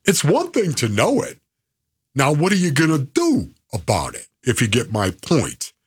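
A man co-hosting a casual sports talk show, animated and coach-like, laying out his points. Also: mid-range voice, moderate pace, husky, no echo. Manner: animated, coach-like, mimics voices. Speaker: co-host.

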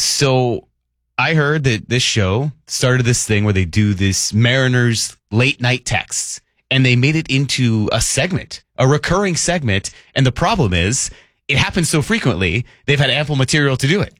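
A man's voice: medium pitch, fairly bright tone, no room sound. A man co-hosting a morning sports radio show from a studio, joking and reading listener texts aloud in an upbeat way. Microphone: studio microphone.

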